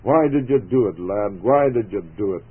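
A man voicing a rough, remorseful soldier who speaks brokenly. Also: on the low side, animated, moderate pace. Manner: broken, choked speech. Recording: tinny phone-like radio broadcast.

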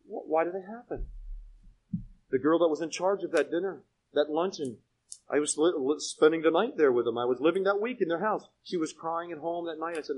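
A man preaching a Bible sermon, telling stories and asking his congregation questions, and swinging from hushed asides to loud, emphatic points. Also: a little high, animated, fairly quick, husky, poor audio. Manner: conversational storytelling with direct questions to the congregation. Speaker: pastor. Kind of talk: expository sermon.

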